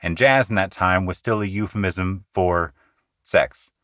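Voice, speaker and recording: A man with a fairly low voice leads a poetry lesson for his podcast. He is earnest and conversational, rushing through asides and slowing right down to sound out rhythms. The sound is dry and close, with no room around it. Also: fairly bright tone, no room sound. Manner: earnest, explanatory, slows down to recite lines rhythmically. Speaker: podcast host teaching poetry.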